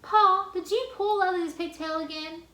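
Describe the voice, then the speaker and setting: A woman's voice: very high-pitched, moderate pace, pushed and bright, echoey room, pitched above the performer's own voice. A woman doing a stern schoolteacher. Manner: questioning, strict.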